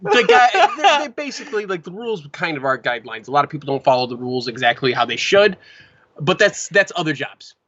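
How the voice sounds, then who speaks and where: A man's voice: a little high, big pitch swings, fast talker, sharp tone, muffled recording. A man co-hosting a casual podcast, easygoing and chiming in with short agreeing remarks. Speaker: podcast co-host.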